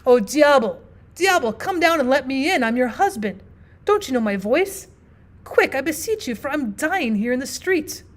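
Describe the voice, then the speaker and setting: A woman's voice: animated, normal speed. A woman reading aloud, voicing a frantic, hypochondriac middle-aged male notary in a storybook. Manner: frantic, shrill exclamations.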